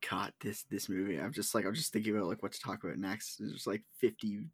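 A man's voice: lowish voice, fairly even intonation, slightly rough, dry recording. Rambling man with dry close sound. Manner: rambling, halting, many fillers and restarts. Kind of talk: casual film discussion.

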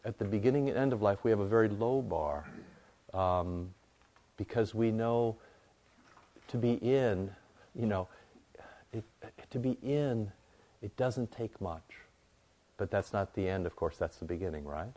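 Speaking at a moderate pace with frequent pauses, a male pastor gives a sermon in an easygoing, conversational tone. His slightly low voice builds each point through forceful repetition.

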